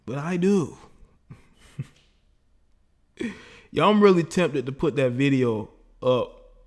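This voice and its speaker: A man hosting a casual call-in livestream, boastful and laughing as he talks to his chat and callers. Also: fairly high pitch. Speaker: livestream host taking call-ins.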